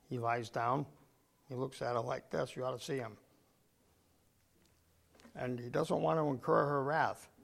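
An older man preaching a sermon, clearing his throat often and punching key words with sudden emphasis. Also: on the high side.

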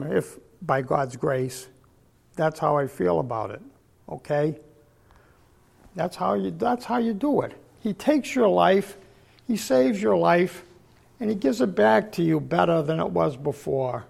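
Gravelly, hoarse older man preaching. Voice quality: gravelly, husky. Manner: frequent throat clearing, swings between loud emphasis and low murmurs. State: voice failing, hoarse. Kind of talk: sermon.

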